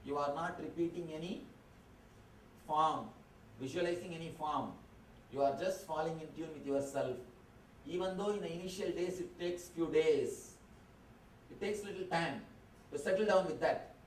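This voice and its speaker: A man giving a calm guided meditation talk. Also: on the high side, slight background noise. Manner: slow, short phrases, calm instructive. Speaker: spiritual teacher. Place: convention hall. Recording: roomy hall, distant mic, faint ambience.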